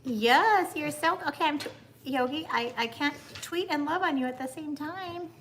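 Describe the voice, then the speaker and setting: Bubbly high-voiced woman on a live stream. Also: fairly bright tone, slight background noise. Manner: bubbly, greets viewers and coos to her dog. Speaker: livestream host. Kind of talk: casual live stream chat.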